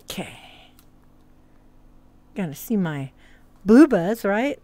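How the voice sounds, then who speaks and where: A woman's voice: lowish voice, lively intonation, takes it slowly, no room sound. A woman live-streaming from a VR headset, talking casually to her chat, muttering and swearing under her breath as she fiddles with settings. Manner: bright and greeting toward chat.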